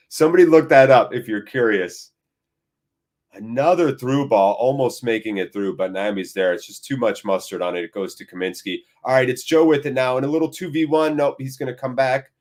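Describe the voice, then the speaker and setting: This man hosts a fan watchalong, calling the match as it happens. He drifts between relaxed chat with viewers and bursts of excited play-by-play. His voice sits at an ordinary middle pitch for a man. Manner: chatty, reads viewer comments, jumps into excited play-by-play. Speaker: fan channel host. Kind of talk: live match watchalong commentary.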